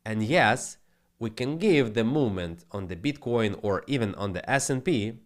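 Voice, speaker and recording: A man from Ukraine hosting a live trading stream, talking quickly in animated, slightly broken English. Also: lowish voice. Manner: fast, animated, non-native grammar. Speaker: trading channel host. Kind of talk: live stream market commentary.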